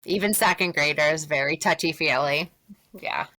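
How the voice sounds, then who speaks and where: A woman in her thirties, a teacher and podcast co-host, chatting casually in an expressive, reassuring way. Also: deep voice, normal speed, no room sound. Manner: expressive, reassuring, laughs easily. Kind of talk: casual chat.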